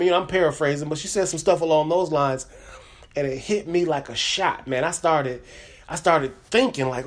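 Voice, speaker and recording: A man's voice: a little high, moderate pace. A man hosting his own comedy podcast, telling a story in a rambling casual way with lots of fillers and repeated words. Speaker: podcast host. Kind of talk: casual chat.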